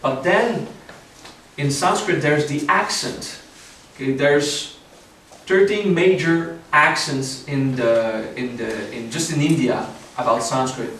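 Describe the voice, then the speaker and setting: A man's voice: a little high, slow, fairly bright tone. A man teaching a seminar, explaining patiently with frequent check-ins to his audience and light joking asides. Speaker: spiritual teacher. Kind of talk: seminar lecture. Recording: very echoey room, distant mic, faint hiss.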